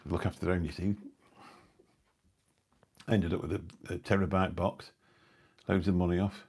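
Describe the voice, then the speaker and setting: A man's voice: low-pitched, flat delivery, fairly quick, pauses often, darkish tone, slightly rough. A middle-aged man hosting a live stream, chatting indoors at home in a rambling, anecdotal way with dry asides. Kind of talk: casual rambling chat. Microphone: new phone or mic on a live stream.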